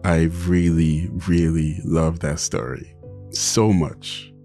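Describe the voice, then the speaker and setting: A male podcast host speaking calmly and sincerely as he wraps up the episode. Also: extremely low pitch, slow pace, soft background music. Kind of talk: reflective podcast outro.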